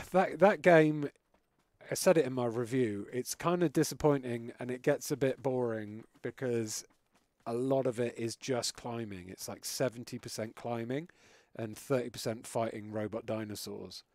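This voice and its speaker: A man's voice: mid-range voice, measured pace, darkish tone, no room sound. Dry-voiced British man streaming games. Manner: chatty, swears freely, jokey. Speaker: game streamer. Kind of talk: casual chat while gaming live.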